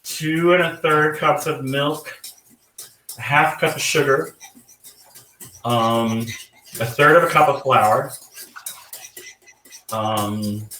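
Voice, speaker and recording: A man's voice: medium pitch, steady tone, takes it slowly, pauses often, bright, forceful tone. A man from the American South, a guest cook chatting casually while he cooks, rambling with many fillers and restarts. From Southern United States. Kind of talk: casual chat while cooking. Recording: echoey room, distant from the mic, faint noise.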